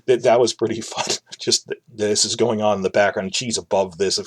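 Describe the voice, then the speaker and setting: A man's voice: fairly low pitch, steady tone, fairly quick, husky, dry recording. A man hosting a casual reaction video, rambling through his thoughts with frequent restarts. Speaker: video host. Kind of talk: casual episode reaction commentary.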